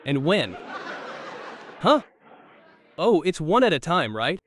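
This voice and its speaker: Animated stand-up comedian man on stage. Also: a little high, slow pace, dry recording, distant mic. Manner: animated storytelling, crowd work, swearing.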